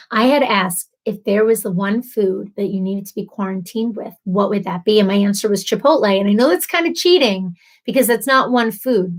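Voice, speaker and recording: Bubbly chatty woman livestream host. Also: fairly high pitch. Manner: chatty, bubbly, laughs often. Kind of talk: casual livestream chat reading comments.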